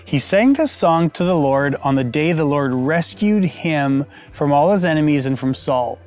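A pastor giving a conversational sermon, relaxed and explanatory with frequent fillers. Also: male voice, fairly high pitch, moderate pace.

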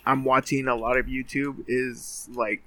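Low-key man of middle pitch. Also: level tone, a little slow, sharp tone, no echo. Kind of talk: casual group chat.

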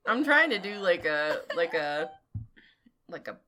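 A woman's voice: lowish voice, sing-song, measured pace, sharp tone, a little hiss or hum. A young woman co-hosting a podcast, reading a fanfic aloud in mock-dramatic voices and laughing often. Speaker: podcast co-host.

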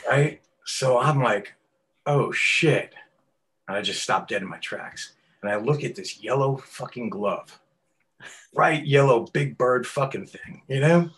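A middle-aged man, a tattoo artist telling stories in an interview, swearing often and acting out quotes loudly. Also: mid-range voice, unhurried. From New York. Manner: animated, profane storyteller who acts out quotes loudly. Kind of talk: casual storytelling interview.

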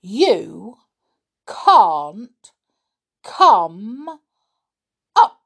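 A woman voicing a band of sneering male red goblins in a children's storybook, with a breathy voice. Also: mid-range voice, sing-song, drawn-out words, fairly bright tone, pitched above the performer's own voice, heavily acted. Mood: gloating.

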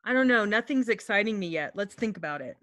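A woman's voice: mid-range voice, lively intonation, quick pace, pushed and bright, dry recording, studio quality. A woman co-hosting a podcast, chatting casually, giggling often and rambling a little. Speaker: podcast co-host. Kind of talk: casual comedic chat.

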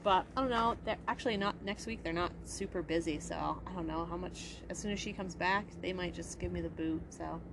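A woman's voice: on the low side, brisk, few pauses. Casual woman vlogger, 30s, rambly and filler-heavy, noisy outdoor take. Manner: chatty, rambling with many fillers. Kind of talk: casual chat.

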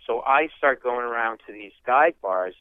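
A man telling a comic story in an interview, animated and acting out the people in it. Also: medium pitch, moderate pace, clean tone, no room sound. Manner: animated, acts out voices. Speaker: guest comedian. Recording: tinny phone-like line.

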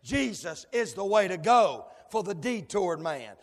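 A male preacher delivering a fiery sermon in rhythmic cadences, dotted with amens and sudden shouted whoops. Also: sits high, very animated, measured pace. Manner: rhythmic cadences punctuated with amen. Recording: long hall reverb.

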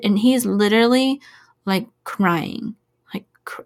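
A woman's voice: fairly high pitch, fairly even intonation, a little slow, creaky. A woman in her thirties hosting a casual true-crime chat, talking loosely with lots of "like" and fillers. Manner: chatty, filler-heavy, "like" after every few words. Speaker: podcast host.

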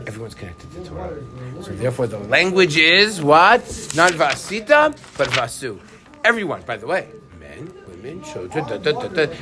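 A man teaching a Torah class who keeps asking his students questions. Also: medium pitch. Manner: animated, asks the class questions.

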